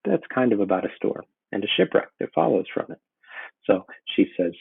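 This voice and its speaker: Male teacher, husky low voice, reads lines then paraphrases casually; tinny narrow sound. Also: very animated, fairly quick, dry recording. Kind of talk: explaining a play line by line.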